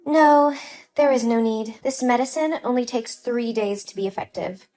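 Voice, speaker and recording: A woman puts on a spiteful young sister-in-law in a dramatized story, her voice pitched high and sharp with scorn. She snaps out accusations and dismissals. Faint music sits underneath. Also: normal speed, close to an everyday voice. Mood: dismissive.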